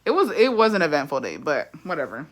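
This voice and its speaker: A woman's voice: low-pitched, huge pitch swings, fast. A young woman from Texas telling a story on her livestream, blunt and heavy with swearing, dropping Spanish phrases in. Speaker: livestream host. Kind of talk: casual livestream chat, storytime. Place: indoors, livestream.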